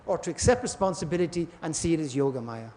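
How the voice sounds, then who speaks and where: A man's voice: a little high, very animated, quick pace, dark tone, a little hiss or hum. A man giving a scripture class lecture, telling parables and acting out the voices in them. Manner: storytelling, acts out voices in parables. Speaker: class speaker. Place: temple hall.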